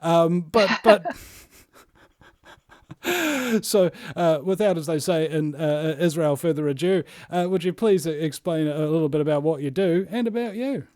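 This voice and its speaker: A man's voice: fairly high pitch, lively intonation, unhurried, darkish tone, no room sound, studio quality. A man hosting a live-stream interview, rambling with many filler sounds. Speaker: host.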